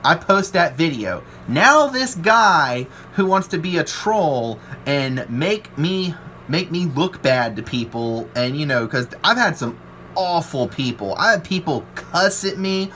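A welder rants to his viewers, rambling and aggrieved as he retells the trouble in other people's voices. His voice is bright and forceful, pitched a little high, and a faint room noise sits under it. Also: animated, a little slow. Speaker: welder and channel owner. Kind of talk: ranting to camera.

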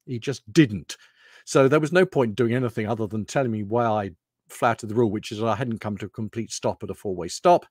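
A man's voice: lowish voice, a little fast, a little mellow, dry recording, studio quality. A middle-aged British man from the UK giving a rambling, anecdotal lunchtime talk. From United Kingdom. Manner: rambling, anecdotal, loose restarts. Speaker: presenter.

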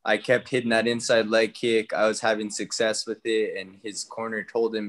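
A young man from New Mexico, a guest fighter talking casually in an interview, relaxed and slangy. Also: lowish voice, normal speed, few pauses. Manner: relaxed, slangy, retells talks with others in quoted bits.

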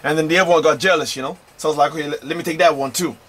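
A man's voice: on the high side, fairly even intonation, racing, a bit bright. Laid-back slangy rapper man. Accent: American Southern. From London. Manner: laid-back, slangy, many fillers like "man" and "you know". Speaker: rapper guest. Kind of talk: casual radio interview. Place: radio studio.

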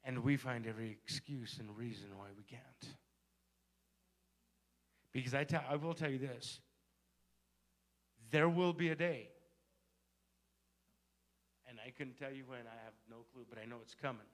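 A man's voice: mid-range voice, measured pace, long pauses. A male pastor telling a story in a sermon and building to fervent exhortation. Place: church sanctuary.

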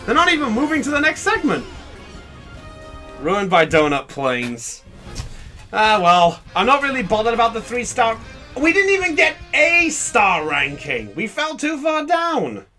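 An excitable man commentates his own gameplay on a live stream, his high, bright voice swooping up and down as he reacts. He laughs often and calls out to his viewers between moments of play. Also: unhurried, faint music behind. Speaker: game streamer.

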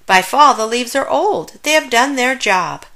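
A gentle storybook mother bear explains nature to her cub in a soft, patient, slow voice, as a woman reads her aloud. Her tone is bright and clear. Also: a little high, lively intonation, voice pushed up, full character voice. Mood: explaining.

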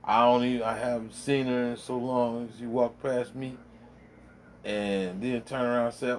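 A man's voice: mid-range voice, level tone, normal speed, slight background noise. Blunt, profane middle-aged man rambling. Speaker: vlogger. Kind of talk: casual rambling monologue. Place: home man cave.

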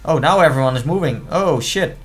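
A man's voice: a little high, lively intonation, brisk, fairly bright tone. Man, playful gameplay commentator, easily exasperated, faint music underneath. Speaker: gaming commentator.

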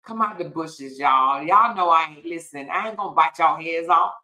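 Brief: woman livestream host, bright voice, laughs a lot, folksy y'all and honey. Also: sits low, normal speed. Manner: laughs often, drawls y'all, child and honey. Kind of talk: casual live-stream chat reading comments.

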